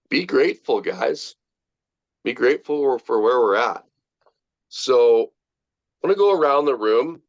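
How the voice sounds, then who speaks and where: A mid-range male voice with no room sound leads a casual motivational group session in an online video meeting. The dry video call audio is muffled, and he stays emphatic, swears freely, and keeps repeating his points.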